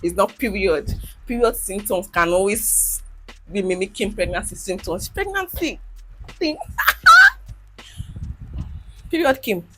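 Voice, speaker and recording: Animated woman telling a personal story. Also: slow, pauses often, music in the background. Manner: animated, acts out quoted voices with big pitch jumps; emotional, candid, with sighs and laughs. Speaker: content creator.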